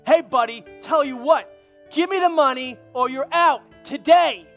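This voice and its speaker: A man's voice: very high voice, a little slow, fairly bright tone, faint music behind, voice pushed up, full character voice. A man doing a mean old landlord barking demands. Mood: threatening. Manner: gruff, threatening demands.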